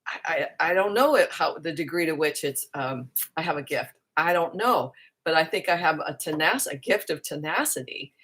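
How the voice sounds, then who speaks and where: A woman with a deep voice shares a reflective spiritual talk straight to camera. She speaks earnestly and muses aloud, often circling back and restarting her phrases as she searches for words. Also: expressive, normal speed, fairly bright tone, breathy edge. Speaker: spiritual teacher and coach.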